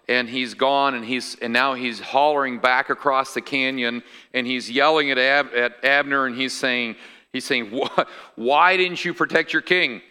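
A man's voice: mid-range voice, pushed and bright, clean tone. A male pastor preaching a sermon in a conversational way, explaining scripture with asides to the congregation.

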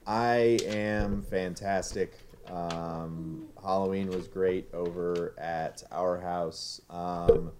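Slow, deep-voiced man on a podcast. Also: a little mellow, a little hiss or hum. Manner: jokey, laughs often, halting restarts. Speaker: podcast co-host. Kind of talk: casual podcast chat. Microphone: remote recording setup.

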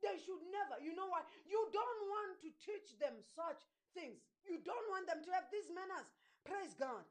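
Woman pastor, high voice, sermon, emphatic, repeats herself, keeps asking if the flock follows. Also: lively intonation, moderate pace, low-quality recording. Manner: emphatic, repeats phrases, asks listeners if they understand. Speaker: preacher.

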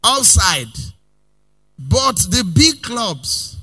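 A male preacher with a somewhat high, husky voice delivers a sermon. His pitch rises and falls dramatically as he moves from loud bursts to quiet asides, often lilting into a sing-song rhythm. He has his congregation repeat lines back to him. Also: drawn-out words. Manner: animated preaching, swinging from loud to soft, sometimes sing-song. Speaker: pastor.

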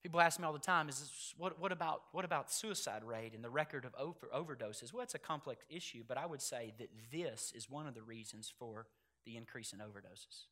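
A man preaching a sermon to his church, repeating key phrases for emphasis and building from quiet explanation to loud, emphatic delivery. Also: mid-range voice, brisk. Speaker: pastor.

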